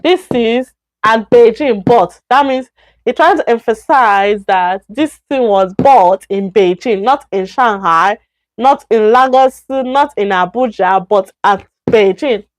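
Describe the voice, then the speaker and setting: A woman with a Nigerian accent and a slightly high voice teaches a beginner Chinese lesson on a live stream. She repeats words slowly and corrects herself as she goes. There's no echo on the recording.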